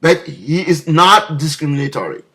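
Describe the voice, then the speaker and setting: A man's voice: a little high, big pitch swings, moderate pace, bright, forceful tone. A man delivering an impassioned political video message, leaning on repeated rhetorical questions. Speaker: political commentator.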